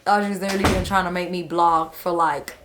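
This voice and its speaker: A woman's voice: lowish voice, fairly even intonation, a little fast, background noise. A woman vlogger casually telling a story to a nearby camera, chatty and slangy, acting out the people she quotes. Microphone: camera close to her.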